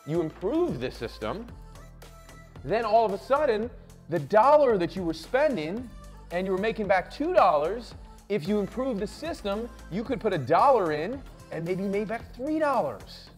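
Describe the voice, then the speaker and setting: A high-voiced man riffs through an energetic motivational business talk, pushing hard and swearing freely. He keeps checking in with "right?" and "okay?" as if pumping up a crowd. Faint music runs underneath. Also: moderate pace. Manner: loud, swearing, hyped, lots of "right?" and "okay?". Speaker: show host.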